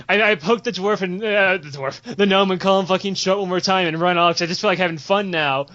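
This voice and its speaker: A young man with a fairly high voice rattles through a story, swearing freely and slipping into the voices of the people he quotes. The podcast audio is dull and lo-fi. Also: fast talker, hardly any pauses. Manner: animated, profane, laughing while telling, acts out quoted voices. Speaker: podcast co-host telling stories. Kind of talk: casual storytelling chat.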